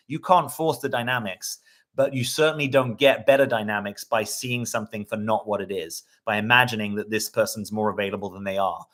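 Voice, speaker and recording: A man's voice: medium pitch, a bit bright. Reflective male coach talking live. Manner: reflective, conversational, often checks in with "right?". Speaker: dating coach. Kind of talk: live-stream talk answering viewer comments.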